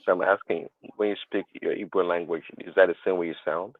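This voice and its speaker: Man, very deep voice, measured questions, tinny phone-like sound, dry. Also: steady tone, dry recording. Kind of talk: casual talk show chat.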